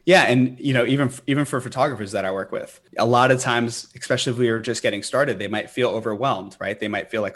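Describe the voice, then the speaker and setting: Male podcast guest, low voice, earnest and explanatory, plenty of fillers. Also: fairly even intonation, brisk, hardly any pauses, fairly bright tone. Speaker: business owner, podcast guest. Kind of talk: podcast interview.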